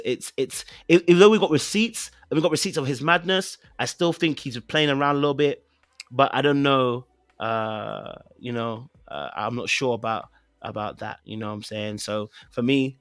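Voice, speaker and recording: With a British accent and a medium-pitched voice, a man hosts a podcast as a casual live-stream chat. He rambles, leans on fillers and repeated phrases, and stays playfully insistent, all without any echo.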